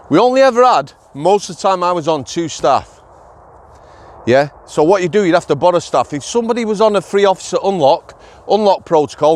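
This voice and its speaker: Middle-aged Yorkshire man, slightly high voice, casual vlog storyteller, blunt and chatty. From Yorkshire, England. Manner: chatty, blunt, tag questions like "yeah?". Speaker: former prison officer vlogger.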